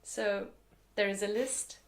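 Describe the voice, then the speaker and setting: Unhurried woman. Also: medium pitch, steady tone, creaky. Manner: unhurried, hesitant with fillers, laughs easily. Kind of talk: casual interview chat.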